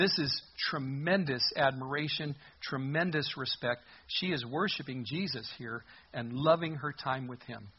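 A man preaching a sermon as a pastor, expressive and full of rhetorical questions, on a muffled lo-fi recording. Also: medium pitch, husky.

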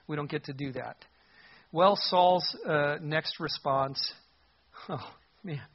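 A man preaching a Bible sermon in a loose, conversational way, voicing the quoted lines as he goes. His voice sits a little high and sounds husky. The recording is dull and muffled. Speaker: pastor. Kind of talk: expository sermon.

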